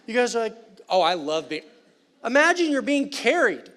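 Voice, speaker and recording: A man preaching a sermon in a church, animated and conversational with playful asides. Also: extremely high pitch, normal speed. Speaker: pastor. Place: church sanctuary.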